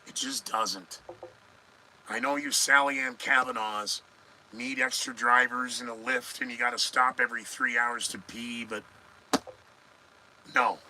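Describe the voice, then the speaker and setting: Middle-aged male podcast host, sarcastic news commentary, very bright, sharp tone, rambling asides to viewers. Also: medium pitch, fairly even intonation, unhurried, long pauses, a little hiss or hum, low-quality recording.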